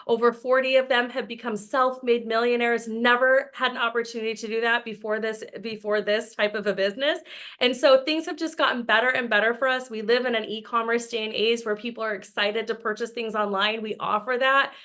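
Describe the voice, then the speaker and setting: Chatty upbeat woman, fairly high voice. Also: fairly even intonation, fairly quick, a bit bright. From Austin, Texas. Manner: enthusiastic, chatty, laughs often. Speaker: business presenter. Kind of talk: upbeat sales presentation. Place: home video call. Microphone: video call.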